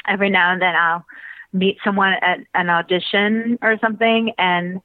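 A woman with a Southern American accent, an actress telling stories as a guest in a casual interview with lively, laughing delivery. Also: mid-range voice, normal speed, no echo. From Alabama, US South. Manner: animated storyteller, laughs often. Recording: phone-line audio, dry.

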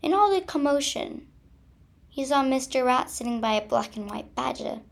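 A woman reading a children's story aloud and closing her channel video, with expressive, dramatic delivery. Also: high voice, moderate pace, vocal fry.

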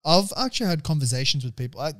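Fast-talking young man. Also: on the high side. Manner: rapid, excitable, swears often. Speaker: podcast co-host. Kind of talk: casual chat.

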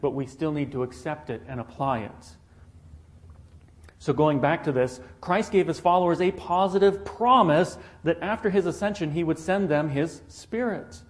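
A man's voice: a little high, normal speed. A man preaching a sermon, earnest, putting rhetorical questions to the congregation.

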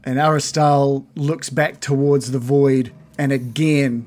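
A man narrating as game master of a tabletop game, describing scenes with many fillers and pauses. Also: medium pitch, flat delivery, darkish tone, slight background noise.

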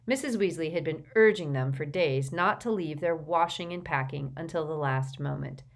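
Lower-voiced woman reading a novel aloud. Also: moderate pace. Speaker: audiobook reader. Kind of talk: scripted narration.

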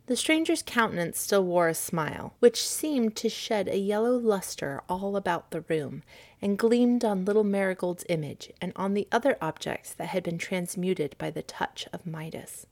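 Expressive woman reading a storybook. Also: mid-range voice, moderate pace. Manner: expressive, gently paced. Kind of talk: storybook read-aloud narration.

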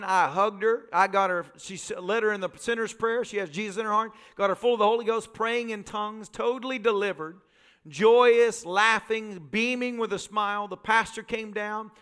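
A male pastor preaching a sermon, telling vivid personal stories in quick, emphatic phrases. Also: high voice, fairly bright tone, clean tone. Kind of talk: sermon storytelling.

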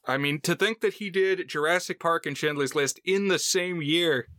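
Crisp, bright-voiced man on a film podcast. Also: fairly high pitch, moderate pace, no echo, clean studio sound. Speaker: podcast co-host. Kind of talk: casual film chat.

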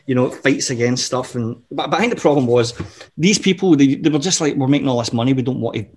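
A middle-aged man, a podcast guest telling swearing-laden anecdotes in a casual, animated way. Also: medium pitch. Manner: profane, animated anecdotal storyteller. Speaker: interview guest. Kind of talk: casual storytelling interview.

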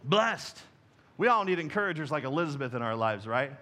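A man's voice: mid-range voice, expressive, fast, sharp tone. A man preaching to his congregation in a conversational style, talking to them directly. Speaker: pastor. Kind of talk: sermon. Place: church.

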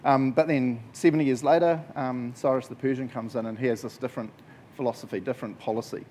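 A man's voice: medium pitch, quick pace, slight background noise. A man giving a casual, jokey Bible talk to a group as a youth preacher. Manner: jokey, conversational, animated storytelling.

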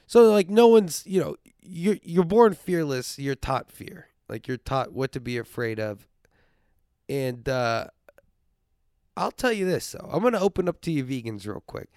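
Podcast host, young man, sick and congested, profane rambling comic monologue, slightly high voice, dry close sound. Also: sing-song, measured pace, a little mellow, no room sound. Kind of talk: casual comedic monologue.

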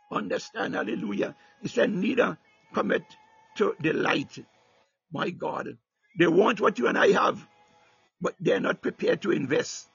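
A man's voice: sits high, very animated, measured pace, creaky, fairly bright tone, slightly rough, no echo, muffled recording, soft background music. A man preaching a sermon with fervor, repeating "my God" and "hallelujah" between phrases and breaking into tongues.

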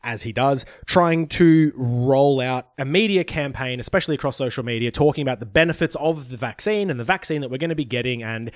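A man's voice: mid-range voice, brisk, hardly any pauses, no room sound, studio quality. A man co-hosting a political podcast, ranting and swearing with sarcastic laughs in casual chat. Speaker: podcast co-host.

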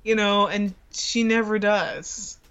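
A woman's voice: mid-range voice, little pitch movement, slow pace, a bit bright, clear, resonant tone. A woman talks casually about favorite film scenes, rambling and restarting as she searches for words. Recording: slightly dull lo-fi audio.

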